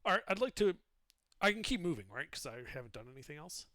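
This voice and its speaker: High, animated man playing a tabletop game. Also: quick pace. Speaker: player.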